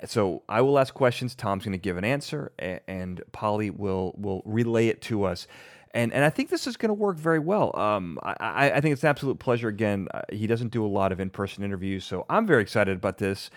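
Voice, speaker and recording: A man's voice: mid-range voice, dry recording, studio quality. A man hosting a podcast interview, chatty and self-mocking, often restarting his sentences. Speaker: podcast host.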